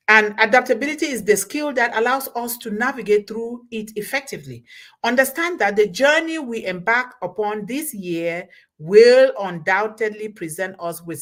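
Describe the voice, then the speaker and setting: A woman's voice: medium pitch, fairly bright tone. Woman host, motivational speaker, emphatic and repetitive, exhorting like a preacher. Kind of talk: motivational talk.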